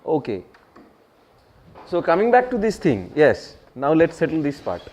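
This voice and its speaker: A man's voice: a little high, huge pitch swings, unhurried, a little mellow. A man with an Indian English accent teaching an English class, switching into Hindi to explain words and quizzing his students. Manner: explains word meanings, asks the class questions, repeats key phrases. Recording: dull lo-fi classroom recording.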